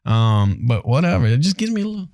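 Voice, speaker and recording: A fast-talking man from North Carolina, US, co-hosts a casual podcast chat, telling stories animatedly and acting out what people said. His voice is mid-range, and the studio-quality recording has no echo.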